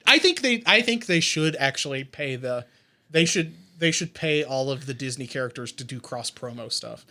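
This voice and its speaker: A young man co-hosting a podcast, rambling and animated with lots of fillers and swearing. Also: medium pitch, normal speed. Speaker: podcast co-host. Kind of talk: casual chat.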